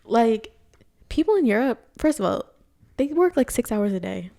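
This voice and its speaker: A young American woman whose voice has a strong gravelly fry. She co-hosts a casual podcast, talks with plenty of emphasis, and swears freely. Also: fairly high pitch, sing-song, moderate pace, dark tone. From United States. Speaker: podcast co-host. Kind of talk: casual chat.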